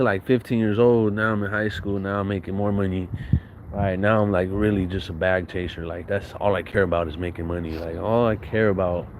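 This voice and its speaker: A relaxed young man with a fairly low voice, telling a street-level story in casual, profane slang. He acts out what others said to him and laughs along the way. Faint noise sits under the recording.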